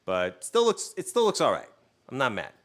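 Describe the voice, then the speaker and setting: A man's voice: medium pitch, huge pitch swings, normal speed. A man live-streaming while he cooks, chatting casually with viewers, telling jokey stories and teasing his dog. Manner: loose, joking storyteller who talks to his dog. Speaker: cooking streamer.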